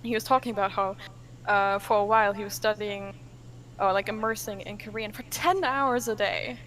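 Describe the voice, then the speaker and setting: A young woman from Germany, a podcast guest in casual chat, animated, laughing often, full of fillers and restarts. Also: mid-range voice, normal speed, low-quality recording.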